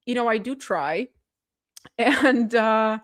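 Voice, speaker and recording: A woman's voice: a little high, slow. Sarcastic, chatty woman streamer. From Canada. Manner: chatty, sarcastic, laughs often. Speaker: livestream host reading chat. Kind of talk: casual political livestream chat.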